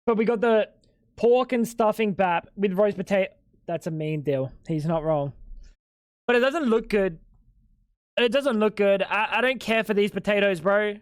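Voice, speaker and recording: A man's voice: sits high, normal speed, smooth, dry recording, clean studio sound. A young man streaming live at home, bantering with chat in a crude, joking way. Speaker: livestreamer.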